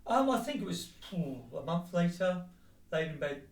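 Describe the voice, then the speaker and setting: Speaking at a measured pace, a vlogger with a somewhat high, animated voice angrily addresses his ex on camera, cursing throughout. The room echoes and his voice sits well back from the microphone.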